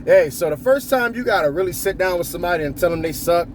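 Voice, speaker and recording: A vlogger offers workplace advice in a casual, profane monologue, joking bluntly, swearing a lot, and slipping into impressions. He talks fast in a high, expressive voice, with slight background noise.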